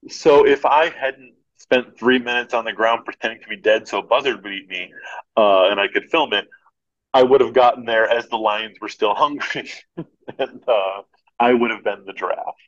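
A man from Michigan telling a story as a podcast guest, animated and laughing, acting out the voices of the people in it. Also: medium pitch, normal speed, muffled recording. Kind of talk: casual storytelling.

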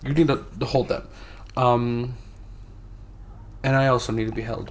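A young man co-hosting a podcast in casual chat, crude and joking, breaking into loud laughter. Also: mid-range voice, little pitch movement, moderate pace, a little hiss or hum. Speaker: podcast co-host.

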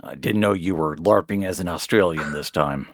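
A man's voice: low voice, moderate pace, no room sound, clean studio sound. A man hosting a casual podcast, laid back and hesitant with many ums and uhs. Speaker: podcast host.

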